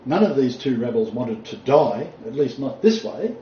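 A man preaching a sermon, reading scripture aloud and stressing key points with deliberate emphasis. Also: medium pitch, very animated, dark tone, a little hiss or hum. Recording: distant mic, roomy echo, dull sound.

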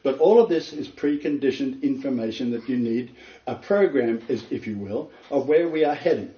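An older man giving an informal sermon lecture, earnest and emphatic, his pitch leaping on stressed words between rambling asides. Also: normal speed. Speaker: preacher giving a Bible lecture. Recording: roomy, distant, dull lo-fi.

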